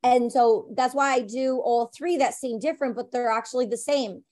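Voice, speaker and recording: A woman actor in an interview, chatting casually and telling lively stories full of "like" and "you know". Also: a little high, moderate pace. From United States. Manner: animated storyteller, many fillers like "like" and "you know".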